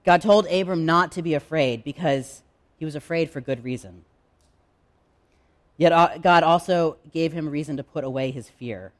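A male pastor with a slightly high voice for a man preaches a sermon to his congregation. His delivery is candid and conversational, punctuated by dramatic pauses.

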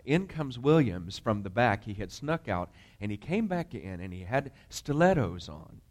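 Man, pastor, sermon storytelling, lowish pitch, conversational, lots of fillers, asks congregation questions.

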